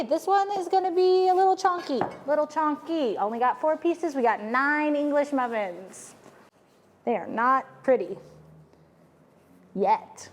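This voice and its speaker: A woman's voice: on the high side, a little mellow, big-room sound. A woman chatting playfully while she cooks, joking and rambling through asides. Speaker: home cook vlogger. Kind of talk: casual cooking vlog chat.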